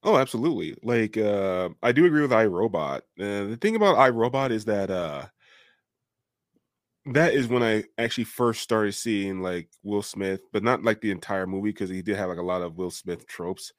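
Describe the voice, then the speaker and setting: A man's voice: lowish voice, expressive, normal speed, no echo, clean studio sound. A man co-hosting a casual podcast, rambling and joking with lots of fillers. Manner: rambling, full of fillers, jokey. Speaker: podcast co-host. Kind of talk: casual chat.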